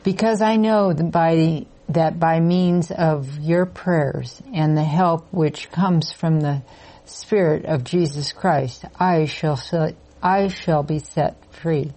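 A woman in a Bible study group reading scripture aloud slowly and carefully, correcting herself as she goes. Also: low voice, warm tone.

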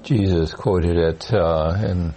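A man in a Bible study class reading a passage aloud in a measured way and answering questions. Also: sits low, dark tone, slight background noise.

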